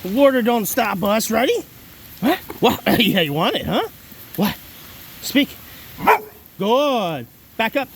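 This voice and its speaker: Man hyping up his dog outside in the rain, high voice going all over the place, laughs a lot. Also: slow pace, long pauses, a little hiss or hum. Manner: excited high-pitched praise and commands to a dog, laughing. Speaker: dog trainer. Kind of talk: training a dog on camera. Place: outdoors in the rain. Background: rain falling.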